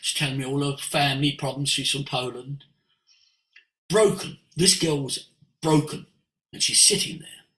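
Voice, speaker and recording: A man, a voice coach, telling a story to an audience in an animated way and acting out the voices. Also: medium pitch, moderate pace, long pauses, roomy sound, rough recording. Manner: animated, acts out voices in quotes. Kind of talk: storytelling talk.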